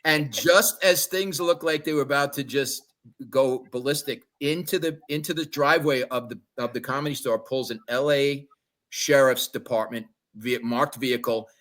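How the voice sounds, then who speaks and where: Man, middle-aged, podcast host, animated storyteller, bright tone, video call. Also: medium pitch, moderate pace. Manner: animated raconteur, many restarts. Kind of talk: casual storytelling.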